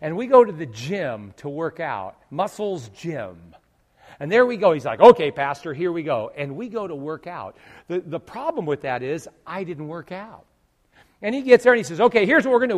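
A middle-aged male pastor telling a humorous story in a sermon, jumping from loud exclamations to quiet asides. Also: sits high, in a large hall.

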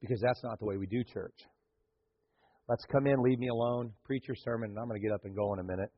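A pastor delivering a lively sermon in a church, acting out the scenes of his story and joking with the congregation. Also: mid-range voice, fast talker, muffled recording. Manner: animated storytelling, acts out scenes, jokes with the congregation. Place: church sanctuary.

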